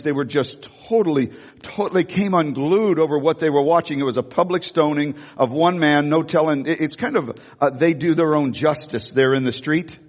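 A male pastor preaching a sermon through a personal story, talking in an animated way, with many restarts and acted-out voices. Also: a little high, in a large hall.

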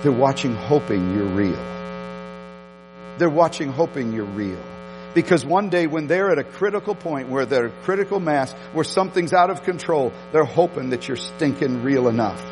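A man preaching a sermon, telling a story with emphatic repetitions and animated delivery. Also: a little high, a little fast, hardly any pauses, in a large hall, over music, low-quality recording. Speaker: pastor.

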